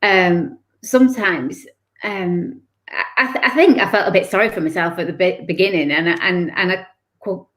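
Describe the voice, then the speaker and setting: A woman's voice: lowish voice, moderate pace, a bit bright. A woman, a guest author telling her personal story in an interview, candid and emotional with many restarts.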